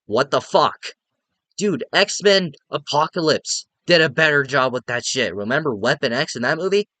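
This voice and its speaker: A man's voice: a little high, expressive, normal speed, bright, forceful tone, dry recording. A young man giving a casual, profane, exasperated movie review rant, rambling with lots of filler words.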